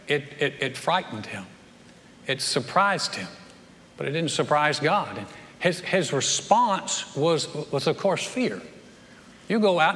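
High-voiced pastor in a reverberant hall. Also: male voice, fairly bright tone. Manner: folksy storytelling with joking asides; repeats words when he starts a phrase. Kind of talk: sermon.

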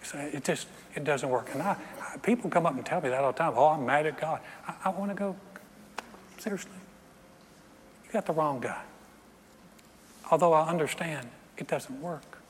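A middle-aged pastor preaches a sermon in a church sanctuary, his fairly high voice moving a little fast as he animatedly acts out scenes and jokes with the congregation. The reverberant hall carries faint ambience, and there's slight background noise.

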